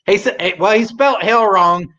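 With a high-sitting, sharp voice at a normal speed, a man from Oklahoma co-hosts a livestream and chats casually, rambling in his drawl. The recording has its high frequencies cut off.

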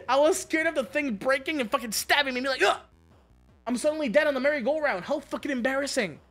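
A man streaming a game, chatting casually and telling stories, excitable and swearing a lot with frequent laughter. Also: very high voice, fairly quick, faint music behind. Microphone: streaming mic.

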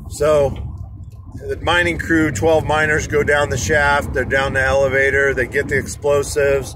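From behind the wheel in rush hour traffic, an inspirational speaker shares a motivational story in a level, unhurried, medium-pitched voice. His telling rambles, with frequent fillers and restarts.

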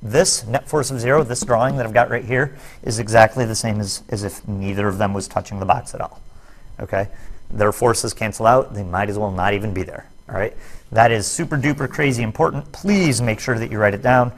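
This man speaks fairly quickly in a lowish voice while teaching net force in a recorded classroom lesson. Step by step he works through problems, adding jokey digs at himself.

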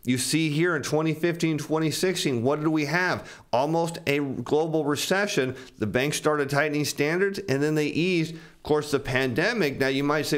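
A man's voice: fairly high pitch, moderate pace, hardly any pauses. A man giving casual financial commentary as he walks through charts, explaining them to viewers he calls his friends and acting out what bankers and borrowers would say. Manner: acts out bankers and borrowers in quoted asides.

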